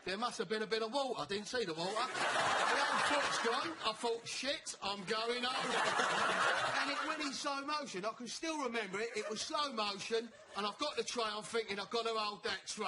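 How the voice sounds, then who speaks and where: A man who works as a school teacher, telling a lively, jokey anecdote. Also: extremely high pitch, normal speed. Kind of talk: storytelling. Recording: loud background noise.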